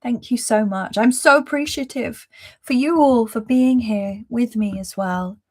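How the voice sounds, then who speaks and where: A woman hosting a live spiritual reading, talking in a gentle, effusive, affirming way with soft laughs between phrases. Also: a little high, unhurried. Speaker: spiritual reader and host.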